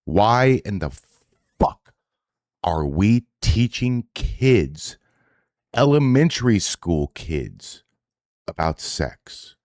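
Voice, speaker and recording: A man's voice: fairly low pitch, very animated, extremely slow, pauses often, a little mellow, no echo, studio quality. A man hosting an online reaction video, talking bluntly and with a lot of profanity, sounding exasperated. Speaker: host reacting to clips. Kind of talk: casual reaction commentary.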